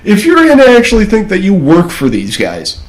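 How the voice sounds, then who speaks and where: A man's voice: high voice, huge pitch swings, fairly quick. A man from Minnesota co-hosting a podcast, talking politics in a casual, profane, mocking way. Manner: profane, mocking, does brief impressions. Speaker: podcast co-host. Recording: echoey room.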